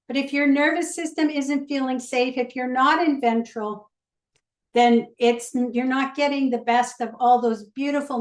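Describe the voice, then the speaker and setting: A woman walks viewers through a simple recipe in a chatty, instructional way. Her voice sits high and her pace is unhurried. The video call sound is roomy. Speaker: guest presenter. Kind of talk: cooking demonstration.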